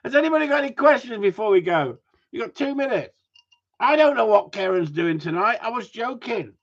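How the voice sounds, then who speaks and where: A man's voice: very high voice, big pitch swings, a little fast, gravelly, muffled recording. A man, a dog trainer hosting a live stream, chatting casually and ranting at length while reading out viewer comments, swearing freely.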